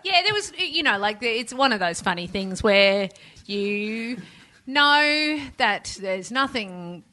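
A woman talks on a comedy podcast in a bright, slightly high voice. She is self-deprecating and halting, and often trails off into quiet mutters. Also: lively intonation. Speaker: comedian guest. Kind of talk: casual comedic chat.

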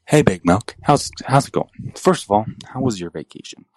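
A man's voice: on the low side, expressive, moderate pace, no room sound. A twenty-year-old man calling in with a friendly, self-mocking message. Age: 20s. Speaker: caller. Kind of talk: voicemail message.

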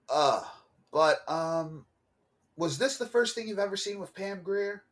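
Man, casual film chat, animated, lively pitch, bright husky voice. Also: a little slow. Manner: animated, jumps into loud high exclamations. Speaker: podcast co-host.

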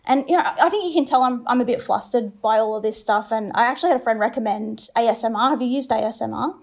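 A woman with an Australian accent, a comedian guest on a podcast, trading dry, deadpan jokes in casual chat. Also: fairly high pitch, fast talker, gravelly.

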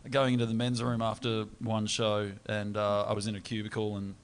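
A man's voice: lowish voice, monotone, fairly quick, smooth. A man who is a musician, chatting casually in a laid-back, amused way, with some swearing. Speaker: musician guest. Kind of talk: casual chat.

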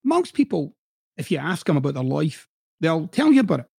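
A man's voice: on the high side, big pitch swings, a little fast, creaky, darkish tone, husky, dry recording, studio quality. A middle-aged man who hosts a podcast and used to coach, giving a blunt, profane motivational monologue with heavy emphasis. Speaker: podcast host, former coach.

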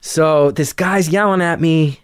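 A young adult man telling a story in casual chat, animated, jumping into loud high voices when he quotes people. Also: measured pace, clear, resonant tone, no room sound, studio quality.

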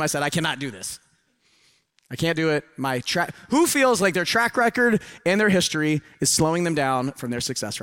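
A middle-aged man giving a live, preachy seminar talk to an audience, swinging between loud urging and hushed asides. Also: sits high, clear, resonant tone, no room sound, studio quality. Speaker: motivational speaker. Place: event hall with a live audience.

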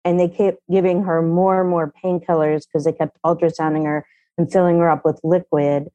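A middle-aged woman, a mother and parenting columnist, telling a family story candidly with animated, blunt speech and casual swearing. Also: lowish voice, normal speed, dry recording. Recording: dull, dry sound.

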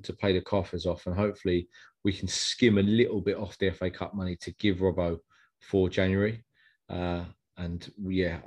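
A man hosting a fan podcast, brisk in casual football chat and steering the talk along. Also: sits low, darkish tone. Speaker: podcast host.

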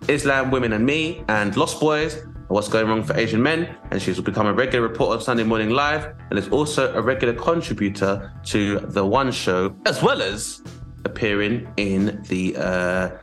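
A man's voice: on the low side, fairly bright tone. A man hosting a comedy podcast, riffing in a loose, jokey, rambling way. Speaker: podcast host. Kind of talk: casual comedy podcast chat.

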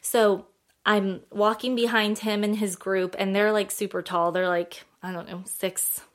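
A woman's voice: mid-range voice, flat delivery, unhurried. A woman hosting a talk show, telling a story casually in a chatty way, full of fillers and little acted-out quotes. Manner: chatty, filler-heavy, acts out quotes in a lifted voice.

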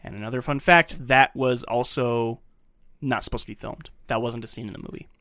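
A man co-hosts a relaxed film podcast, recapping scenes and sharing trivia about the shoot. His voice sits in a middle range, and the recording is dry with no room sound. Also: mid-range voice, brisk, no room sound. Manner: recaps scenes and shares behind-the-scenes fun facts. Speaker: podcast co-host. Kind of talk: casual film discussion.

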